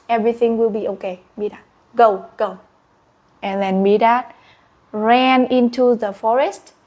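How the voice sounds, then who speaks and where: A woman's voice: on the high side, darkish tone. A young adult woman telling a story as an English lesson, with English, sound effects and gasps. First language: Vietnamese. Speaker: English teacher.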